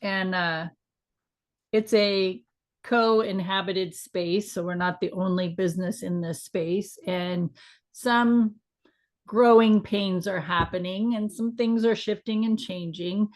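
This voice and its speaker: A woman's voice: medium pitch, fairly even intonation, slow pace. A middle-aged woman co-hosting a casual spiritual chat, talking in a frank, reflective way with some mild swearing. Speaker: podcast co-host.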